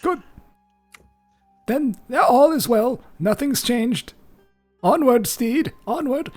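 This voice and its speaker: A man's voice: very high voice, animated, slow pace, darkish tone, soft background music, pitched above the performer's own voice, heavily acted. A man voicing a spry, menacing old man who speaks in a grand, theatrical way. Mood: pompous.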